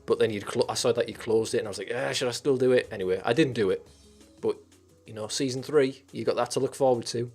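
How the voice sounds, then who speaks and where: A man's voice: medium pitch, steady tone, fast, a little mellow, husky, soft background music. A young man hosting a livestream, chatting loosely with viewers and rambling through filler words and restarts. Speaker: livestream host. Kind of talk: casual rambling livestream chat.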